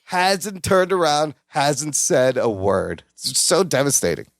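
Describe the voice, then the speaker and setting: Lively, laughing podcast co-host. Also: medium pitch, slow pace, no echo, studio quality. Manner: animated, laughs often, acts out lines. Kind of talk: casual episode recap chat.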